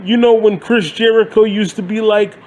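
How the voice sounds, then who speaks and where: A man's voice: high voice, fairly even intonation, normal speed, a little mellow. A man hosting his own channel, ranting about wrestling in an exasperated, sarcastic, swearing way. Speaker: wrestling commentary channel host. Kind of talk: profane wrestling rant.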